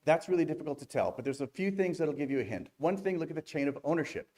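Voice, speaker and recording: Fast-talking man giving a conference talk. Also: a little high, lively intonation, mellow. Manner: quick, candid, joking asides. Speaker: conference speaker. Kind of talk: fast-paced industry talk. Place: event venue stage.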